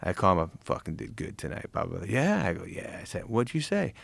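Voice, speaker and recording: A gravelly, middle-aged man tells stories loaded with swearing, and he acts out every side of the conversations he recalls. He talks in a relaxed podcast chat. The sound is close and dry, with no room around it. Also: lowish voice, fast, no echo. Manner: profane, animated storyteller acting out old conversations. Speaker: comedian guest.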